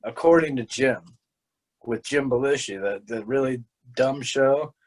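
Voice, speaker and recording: A man's voice: mid-range voice, unhurried, low-quality recording. A young man chatting casually on a podcast, rambling from one gripe to the next. He swears often and restarts his sentences as he goes. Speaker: podcast co-host. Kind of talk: casual chat.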